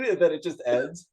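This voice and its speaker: A man co-hosting a casual movie review podcast, retelling scenes in an animated, profane way and laughing often. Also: medium pitch. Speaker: podcast co-host.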